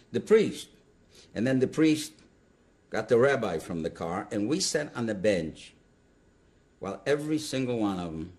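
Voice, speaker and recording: An older man telling his story in an interview, animated and halting, with restarts mid-sentence. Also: lowish voice. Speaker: Holocaust survivor giving testimony. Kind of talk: interview testimony.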